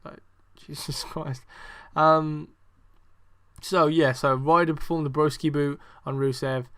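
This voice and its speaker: Slow and steady, the young podcast host speaks in a fairly high, fairly bright voice. He rambles through a casual wrestling review, exasperated and sarcastic, cursing plenty and saying um a lot.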